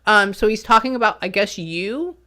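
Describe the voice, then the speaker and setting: A woman's voice: mid-range voice, moderate pace, sharp tone. Chatty woman medium rambling with fillers. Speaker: spiritual medium. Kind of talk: casual reading session.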